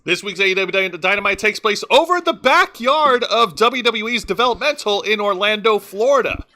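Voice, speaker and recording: A woman co-hosting a wrestling review show who recaps matches in a casual, lively way and laughs easily. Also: medium pitch, moderate pace. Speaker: podcast co-host.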